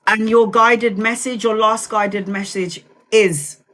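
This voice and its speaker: A woman's voice: medium pitch, steady tone, slow pace, a bit bright, slight background noise. A woman in her forties giving live tarot readings, soothing and direct, calling listeners sweetheart and honey. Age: 40s. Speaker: tarot reader.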